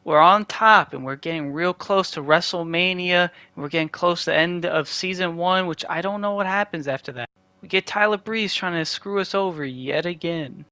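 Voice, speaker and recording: Bright-voiced man recapping a game. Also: sits high, clean tone, no room sound. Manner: quick play-by-play recap with dry asides. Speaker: gaming channel host. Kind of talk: casual game commentary recap.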